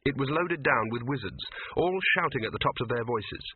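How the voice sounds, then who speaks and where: A man's voice: mid-range voice, lively intonation, moderate pace, husky, dry recording. A man reading a comic fantasy novel aloud as narrator, in a wry, varied storytelling manner, heard through tinny narrow-band audio.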